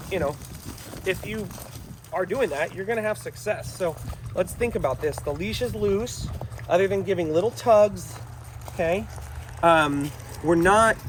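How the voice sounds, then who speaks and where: This high-voiced man is a dog trainer speaking to camera outside in a town, offering training advice and encouragement to the viewers he keeps addressing as folks. There's a lot of background noise.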